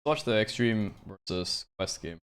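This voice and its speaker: Swearing streamer dude reacting to a match, lots of pitch swings. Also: male voice, unhurried, clear, resonant tone. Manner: excitable, swears often. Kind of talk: casual reaction commentary.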